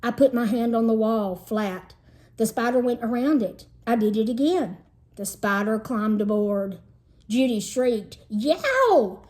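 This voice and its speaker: A woman, a teacher, reading a children's novel aloud in a lively storytelling manner. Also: on the high side, measured pace. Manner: lively storytelling, shifts into character voices. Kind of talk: expressive read-aloud narration.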